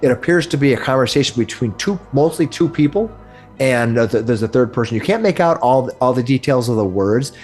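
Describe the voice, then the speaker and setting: A man's voice: medium pitch, lively intonation, a little fast, darkish tone, soft background music. A man narrating as game master of a tabletop game, often restarting and correcting himself mid-sentence. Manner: rambling, self-correcting narration.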